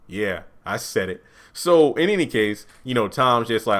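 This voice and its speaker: Animated man reviewing a TV episode. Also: mid-range voice. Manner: animated, acts out characters' lines in quick voices. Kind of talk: casual spoken episode review.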